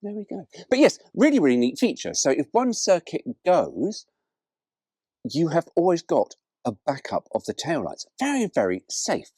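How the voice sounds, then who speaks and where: A man hosting a casual car vlog, animated and jokey, rambling from one aside to the next. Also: on the high side, moderate pace, slightly rough, no room sound. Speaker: host.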